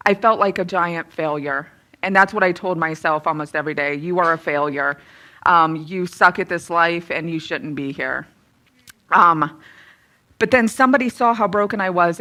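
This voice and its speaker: A woman in her thirties sharing a candid personal testimony and teaching from the Bible, lively and self-deprecating. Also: medium pitch. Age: 30s. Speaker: speaker giving a testimony.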